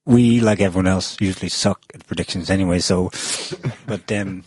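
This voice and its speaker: A man's voice: low-pitched, moderate pace, darkish tone, slightly rough, no echo. A man hosting a casual panel discussion, chatty with frequent ums and restarts. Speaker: podcast host.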